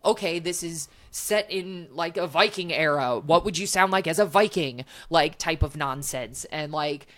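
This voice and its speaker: Brief: low-pitched woman, podcast guest, rambling storyteller, filler-heavy. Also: moderate pace, few pauses, fairly bright tone, dry recording, studio quality. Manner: chatty storyteller with many "um"s and "like"s. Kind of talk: casual interview chat.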